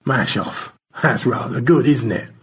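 A man reading aloud and voicing a playful, teasing man who loves word games, with a raspy, gravelly voice and a brisk, mischievous manner. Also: mid-range voice, expressive, fairly bright tone, full character voice.

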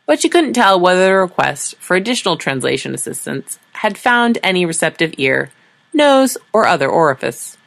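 Woman reading sci-fi aloud, low voice, dry and wry, really animated. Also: normal speed, gravelly. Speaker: narrator. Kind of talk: scripted narration of a science fiction story.

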